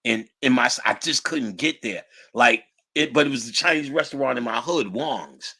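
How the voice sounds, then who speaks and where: A middle-aged man telling casual stories in a lively, profane, slangy way, laughing often. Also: medium pitch, moderate pace, husky. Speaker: guest storyteller. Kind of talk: casual storytelling.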